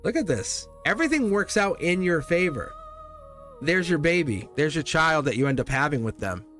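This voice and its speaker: A man's voice: fairly high pitch, sing-song, moderate pace, a bit bright, soft background music. A man reading tarot cards live for his viewers, chatty, laughing often and repeating himself. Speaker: tarot reader, livestream host.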